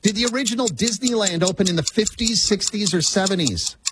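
A man hosting a radio quiz show with a brisk, playful quizmaster manner. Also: high-pitched, heavy background noise.

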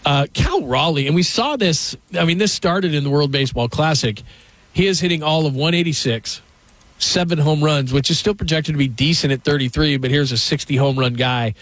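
A man's voice: mid-range voice, fairly bright tone, dry recording. A man hosting a sports talk show, asking his co-host questions about the season. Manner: questioning, teasing.

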